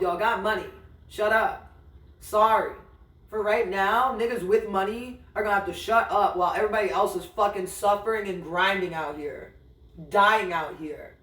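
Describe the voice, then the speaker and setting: A man's voice: high voice, fairly bright tone, distant mic. A man hosting a podcast, telling a personal story in a blunt, profane way and speaking straight to his ex. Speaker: podcast host. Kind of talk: candid storytelling monologue. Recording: roomy, a little off-mic.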